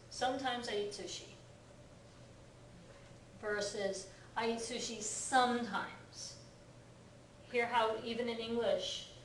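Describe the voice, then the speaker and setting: A Japanese language teacher, a woman with a medium-pitched voice, gives a grammar lesson in class, patiently checking that students follow along with frequent "right?" and "okay?". The audio is echoey and recorded from far off, with a little hiss or hum.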